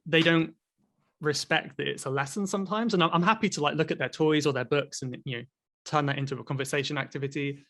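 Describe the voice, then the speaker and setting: Guy with a slightly high voice, teacher chatting, stumbly starts, friendly. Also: quick pace, fairly bright tone. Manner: hesitant, repeats words, friendly agreement. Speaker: English teacher, podcast co-host. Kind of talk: casual chat.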